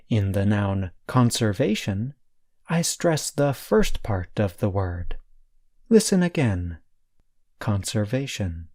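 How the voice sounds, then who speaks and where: A man reading a scripted vocabulary lesson as the podcast's teacher, explaining each point carefully and deliberately. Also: mid-range voice, mellow, no echo, studio quality.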